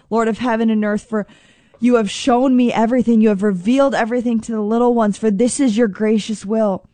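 A woman's voice: mid-range voice, dark tone, no echo. A woman preaching a sermon in an earnest, emphatic way, repeating phrases for stress and reading scripture aloud.

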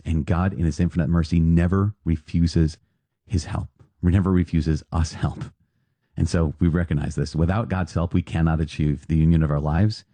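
A man's voice: low-pitched, warm tone, no room sound. A man, a priest, giving an earnest podcast reflection and repeating phrases for emphasis.

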